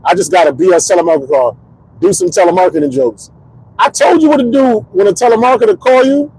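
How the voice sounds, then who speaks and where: A comedian in his thirties from Connecticut rambles through a casual monologue while sitting in his parked car. His voice is high, husky, and quick, and he tells stories in an animated way. The recording quality is low.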